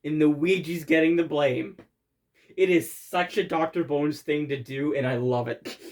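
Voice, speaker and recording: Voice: mid-range voice, a little slow, a little mellow. Rambling, laughing video commentator. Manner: rambling, laughs often, swears casually. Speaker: video creator doing commentary. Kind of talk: casual commentary over own video.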